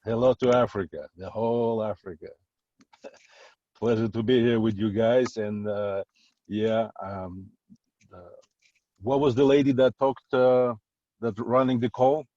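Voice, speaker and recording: A man's voice: medium pitch, steady tone, unhurried, long pauses, warm tone, dry recording. A middle-aged man from Uzbekistan, a guest on a video call, speaking plainly with slightly non-native phrasing. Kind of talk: casual talk on a call. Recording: dry, dull lo-fi call audio.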